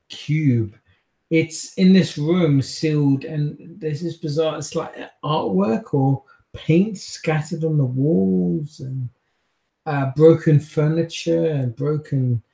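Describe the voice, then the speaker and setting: Slow, gravelly man narrating a game. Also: a little high, warm tone, echoey room. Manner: measured, repeating phrases for effect. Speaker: game master.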